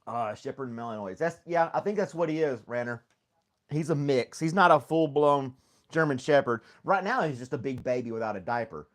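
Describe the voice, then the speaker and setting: A middle-aged man chatting with his live stream audience in a loose, rambling way. He laughs often and talks easygoing and unhurried, with a voice of ordinary pitch. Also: animated. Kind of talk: casual chat with live chat viewers.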